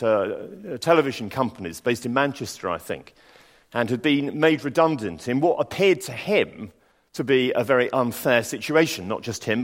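A man preaching a sermon. He reads scripture slowly, then tells personal stories with dry asides. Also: medium pitch, in a large hall.

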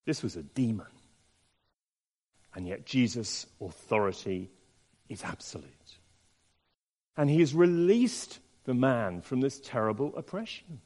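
A man preaching a sermon in an expressive way, asking the listeners many rhetorical questions. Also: medium pitch, unhurried, pauses often. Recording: long reverb in a large hall.

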